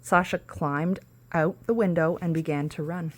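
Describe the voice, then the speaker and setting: A woman's voice: low voice, steady tone, moderate pace, darkish tone. A woman podcast host reading a children's storybook aloud, with casual asides between the narration.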